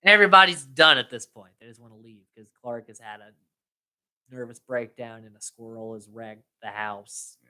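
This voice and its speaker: A woman's voice: rumbling low, normal speed, clean tone. A woman co-hosting a casual film podcast, retelling scenes with lots of acted-out quotes. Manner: animated retelling, acts out quotes in voices. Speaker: podcast co-host. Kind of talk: casual chat recapping a film.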